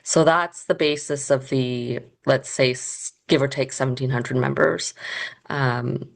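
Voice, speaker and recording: Low gravelly woman explaining calmly. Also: a little slow. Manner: thoughtful, explanatory, with hesitations. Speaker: union staff guest. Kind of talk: podcast interview.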